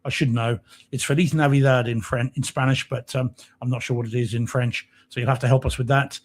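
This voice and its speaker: A man's voice: medium pitch, steady tone, brisk. A man co-hosting a podcast in a casual live-stream chat, reading out and greeting viewer comments. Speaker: podcast co-host.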